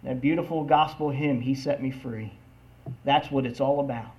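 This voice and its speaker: A man preaching a sermon, reading scripture aloud and asking the congregation "Amen?" between slow, emphatic lines. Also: medium pitch, steady tone, muffled recording.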